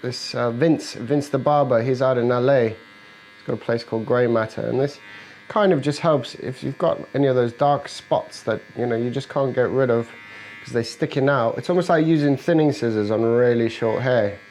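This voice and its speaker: A barber talking a viewer through a fade haircut while he works. He is a man with a medium-pitched voice, explaining each clipper guard and angle in plain words. He keeps up easy joking banter with his client in the chair, and a faint electric-clipper buzz runs underneath. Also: moderate pace, darkish tone, a little hiss or hum, poor audio. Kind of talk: hair-cutting tutorial narration with client chat. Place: barbershop, indoors.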